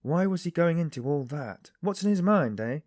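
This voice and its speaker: A man's voice: fairly high pitch, lively intonation, moderate pace, a little mellow, no echo, voice pushed up. A man voicing a meddling male bystander who butts in abruptly and insistently.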